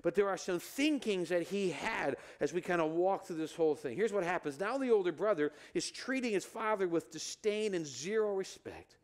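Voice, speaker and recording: A male pastor preaching in a church, his voice pitched high for a man and swinging widely up and down. He acts out the quoted lines and keeps the sermon lively. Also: moderate pace, few pauses. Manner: animated, acts out the brothers' lines with rising pitch. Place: church sanctuary.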